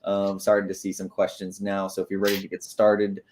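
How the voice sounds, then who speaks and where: Male host, fairly low voice, upbeat promo delivery for a livestream. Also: completely flat delivery, a little fast, a little mellow.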